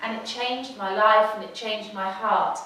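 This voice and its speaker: A middle-aged woman telling a personal story to an audience in a lively, humorous way. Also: mid-range voice, unhurried, slight background noise. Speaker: speaker. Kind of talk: storytelling talk. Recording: echoey hall, mic from far off.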